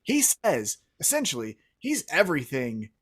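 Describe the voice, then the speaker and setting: A man co-hosting a wrestling show in loose, casual talk, his pitch rising and falling a lot as he makes his points. He throws in quick asides and the odd swear word. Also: wildly swooping pitch, fairly bright tone, husky. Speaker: co-host. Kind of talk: casual podcast chat.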